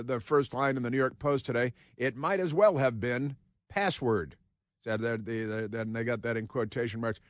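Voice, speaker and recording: A man's voice: mid-range voice, dry recording, clean studio sound. A man hosting a talk radio show, rambling sardonically between headlines he reads aloud.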